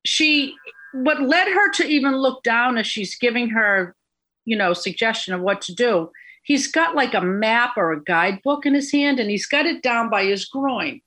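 A middle-aged woman tells a story in a chatty, digressive way. Her voice is bright and sits a little high. She drifts into side remarks as she talks. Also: expressive, moderate pace. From Boston. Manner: chatty, digressive, laughs at the absurdity. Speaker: guest recounting a court case. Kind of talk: casual storytelling interview.

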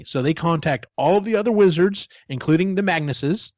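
A man's voice: a little high, lively intonation, moderate pace, a little mellow, no room sound. A man hosting a podcast, casually retelling a book plot in a rambling way, swearing freely. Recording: dull, dry lo-fi sound.

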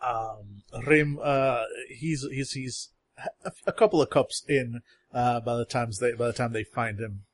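A man playing a tabletop game who describes his character haltingly, repeating words as he thinks. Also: medium pitch, fairly even intonation. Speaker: player.

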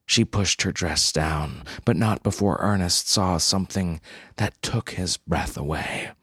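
Deep, slow, husky male storyteller. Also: a bit bright, no room sound, studio quality. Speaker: narrator. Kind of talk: scripted story narration.

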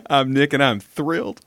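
A man's voice: medium pitch, big pitch swings, slow pace, a bit bright, dry recording. A man hosting a podcast with teasing, wry humor. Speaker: podcast host. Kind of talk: casual podcast banter.

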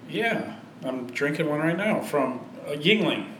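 A man co-hosts a podcast, talking in a dry, blunt, teasing way with a slightly raised pitch. The room is echoey, with faint ambience underneath. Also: animated, measured pace, a bit bright, a little hiss or hum. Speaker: podcast co-host. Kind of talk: casual podcast banter.

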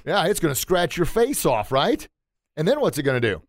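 A man who runs a martial arts school, hosting a motivational podcast with an animated manner, acting out voices and laughing at himself. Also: a little high, fairly quick, no echo, studio quality. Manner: animated, acts out quotes and sounds, laughs at himself.

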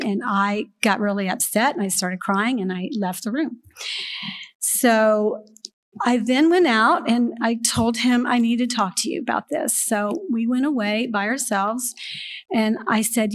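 Older lady telling her testimony to a group, earnest, halting, kinda high voice. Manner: earnest, halting, with restarts and soft laughs. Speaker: speaker sharing a testimony. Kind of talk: personal testimony at a group talk.

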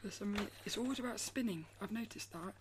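A woman artist chats casually to camera at an everyday middle pitch. Her voice is soft and slides into a breathy half-whisper as she rambles and circles back over her own words. A faint hiss sits under the recording. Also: fast. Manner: rambling, repeats and restarts phrases. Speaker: artist vlogger.

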